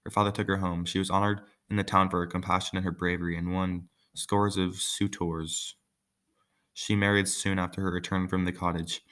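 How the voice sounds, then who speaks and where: A man's voice: low-pitched, little pitch movement, brisk, a bit bright. A man reading a folk tale aloud, breaking off for joking, offhand asides. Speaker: story reader.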